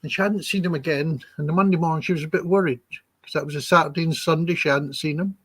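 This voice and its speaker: Husky man telling stories. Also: on the high side, fairly even intonation, fast talker, fairly bright tone, dry recording. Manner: chatty, acts out quoted dialogue, chuckles between stories. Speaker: psychic healer guest. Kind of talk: anecdotal storytelling in an interview.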